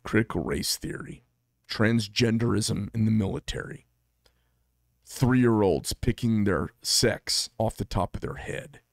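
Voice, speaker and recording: A lowish voice with vocal fry belongs to a middle-aged American knife maker and channel host. Alone on camera, he speaks bluntly, combatively and profanely, in clean studio sound with no echo.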